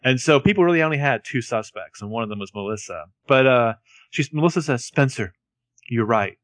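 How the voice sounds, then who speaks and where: A man's voice: mid-range voice, no room sound. A man in casual conversation, walking through a TV episode beat by beat. His phrasing stretches out and is dotted with fillers. The recording is dry, with no room sound around the voice. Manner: relaxed, drawn-out phrasing with many fillers. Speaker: podcast co-host. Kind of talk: casual recap chat.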